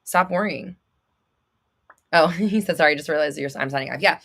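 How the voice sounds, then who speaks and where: A young woman hosting a casual livestream, reading viewer comments and coaching them in a blunt, excitable way, swearing freely and laughing often. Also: low-pitched, a little fast, gravelly. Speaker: manifestation coach and livestream host.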